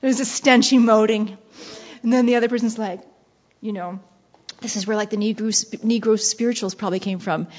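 Passionate woman preacher, soft then intense. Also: on the high side, fairly even intonation, fairly quick. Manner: passionate, shifting between soft whispers and bursts of intensity. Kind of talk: devotional sermon. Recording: dull lo-fi recording.

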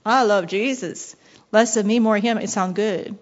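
A woman preaching a devotional sermon, passionate, dropping to soft whispers and rising to intense bursts. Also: mid-range voice, normal speed. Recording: dull lo-fi recording.

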